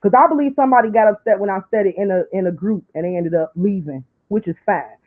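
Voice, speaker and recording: A woman talks on a live stream, sliding between low, confiding asides and high, tearful pleading. Her voice is thin and tinny, as if heard over a phone line. She sounds like a commentator sermonizing to her viewers. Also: quick pace. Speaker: online commentator. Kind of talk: emotional live-stream talk.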